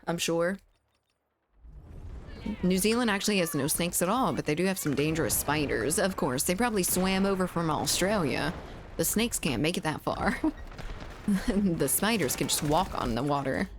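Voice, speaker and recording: Southern US woman streamer, lowish voice with swooping, animated delivery, chatty and playful. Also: moderate pace, background noise. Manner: chatty and playful, with frequent laughs. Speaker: game streamer. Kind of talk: casual chat while gaming, reading chat aloud.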